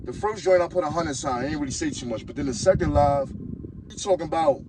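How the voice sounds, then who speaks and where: A man's voice: on the high side, quick pace, a crowd in the background, poor audio. A man from Harlem, hosting a podcast and delivering a blunt, mocking rant. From Harlem, New York. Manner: blunt, mocking, heated street talk. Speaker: podcast host. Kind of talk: ranting commentary.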